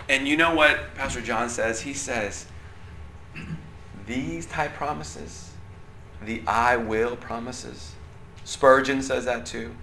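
A man's voice: medium pitch, a little slow, sharp tone. A man leading a casual Bible lesson, chatty and often checking in with the class. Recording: roomy echo, faint room noise.

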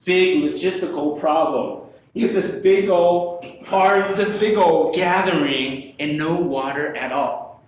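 A man's voice: on the high side, slow pace, heavy reverb, lo-fi sound, slight background noise. A man leading an interactive Bible lesson, asking his listeners questions and laughing often. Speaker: Bible study teacher.

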